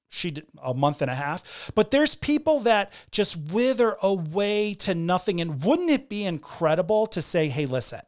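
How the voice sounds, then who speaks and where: A middle-aged woman with a medium-pitched voice co-hosts a casual chat, speaking candidly and earnestly and often restarting her sentences.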